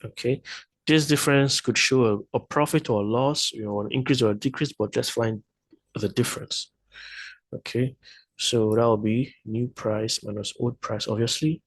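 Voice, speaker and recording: A man's voice: mid-range voice, fairly even intonation, normal speed, husky, no room sound, low-quality recording. A man tutoring math, working through problems step by step while thinking aloud, with frequent hesitations and self-corrections.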